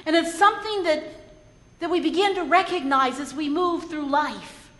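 A woman preacher with a high voice tells a story from the pulpit, earnest and reflective. She often repeats words as she gathers her thoughts. The room is roomy and echoing, with a long reverb trailing after her. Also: moderate pace, fairly bright tone. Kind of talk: sermon storytelling. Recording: echoey hall.

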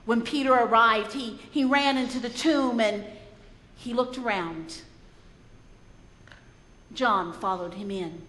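A woman's voice: a little high, takes it slowly, long pauses, a bit bright. A woman preacher retelling a story in a sermon, earnest and reflective, often repeating words as she goes. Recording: echoey hall.

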